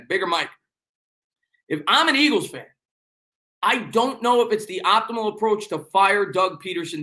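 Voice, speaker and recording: High, bright-voiced New York man chatting. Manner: fast, rambling, repeats himself, joking banter. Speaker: sports YouTube live-stream host. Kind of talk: casual live-stream chat reading viewer comments.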